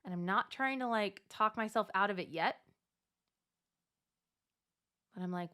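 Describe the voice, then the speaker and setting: Woman in her thirties, casual coaching talk, animated, acts out voices in her head, middle-pitched. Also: measured pace, smooth. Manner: animated, acts out inner self-talk with big pitch jumps. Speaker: Catholic mom coach. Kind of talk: casual advice monologue to camera.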